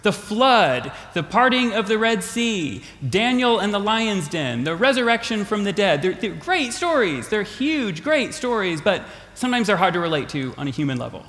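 Animated male preacher, lively storytelling. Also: high-pitched, normal speed, few pauses. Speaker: pastor. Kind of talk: sermon storytelling. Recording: long hall reverb.

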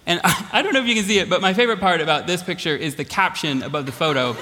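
A man's voice: high voice, very fast, sharp tone, slight background noise. A man giving a storytelling sermon to a large audience, self-deprecating and laughing often as he talks. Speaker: college president giving a talk. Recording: long hall reverb.

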